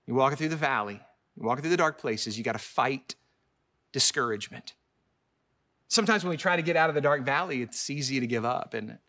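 Delivering a sermon, a male pastor speaks emphatically, alternating abrupt loud, high bursts with quiet, low asides and repeating words to drive points home.

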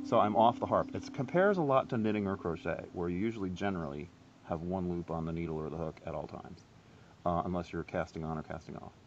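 A man giving a casual, self-deprecating harp lesson, chatty and quick to laugh at himself. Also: sits low, dull audio. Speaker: harp teacher.

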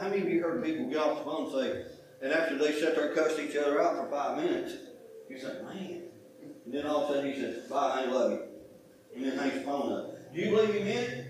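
A middle-aged pastor preaching in a folksy, conversational way and circling back on his points. His voice sits a little high for a man. It is caught from a distant mic in a very echoey church sanctuary with a faint hiss underneath. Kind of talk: sermon.

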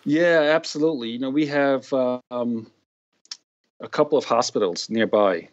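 A man's voice: medium pitch, normal speed. Middle-aged New York man, podcast guest, loose rambling talk full of "you know", slightly dull lo-fi sound. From New York, USA. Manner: rambling, many fillers and restarts. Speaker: guest occupational therapist. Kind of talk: casual interview chat.

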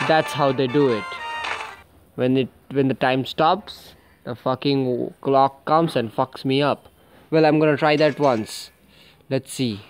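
Slow-talking young man, swearing gameplay commentary. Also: medium pitch. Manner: swears a lot, talks to the game characters. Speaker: gaming channel host.

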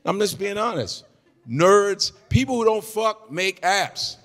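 A man riffing stand-up on stage, his high, bright voice swinging wide as he swears and shouts his punchlines. The sound carries the long reverb of a large room. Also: expressive, slow pace. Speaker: stand-up comedian.

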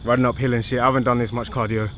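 A man's voice: mid-range voice, very fast, a little hiss or hum. A young man with a British accent, vlogging in a casual, chatty, joking way outdoors in a city to a handheld camera. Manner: relaxed, chatty, jokey. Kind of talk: casual vlog chat. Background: music playing.

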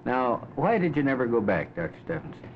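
A man's voice: medium pitch, sing-song, a little fast. A man interviewing a guest with polite, courteous questions in a formal broadcast manner. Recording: dull lo-fi 1950s recording with faint hiss.

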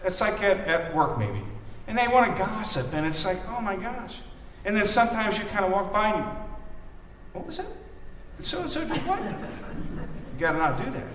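Midwestern male lay preacher, high-pitched, casual and anecdotal, recorded from afar in a reverberant church. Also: fairly bright tone, a little hiss or hum. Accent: Midwestern American. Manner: chatty, anecdotal, addresses congregation by name. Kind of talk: casual conversational sermon. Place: church sanctuary. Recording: echoey church from a distance.

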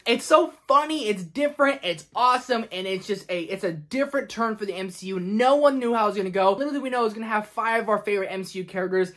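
Gushing, excitable young woman vlogger. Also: medium pitch. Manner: excitable, gushing, swears freely. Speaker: movie video host. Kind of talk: casual movie countdown vlog.

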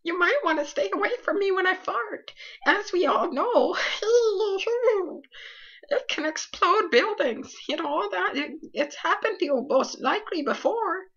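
Brief: performer doing a giggling creeper, high and bright, slow, comic game skit. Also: male voice, expressive, full character voice. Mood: cheeky. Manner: giggly, boastful. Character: cheeky gassy creeper with a German accent. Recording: lo-fi dull recording.

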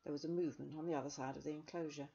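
A woman reads a children's novel aloud in a gentle, measured way. Her voice sits low with a gravelly texture. The recording sounds dull and lo-fi. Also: steady tone. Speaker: reader.

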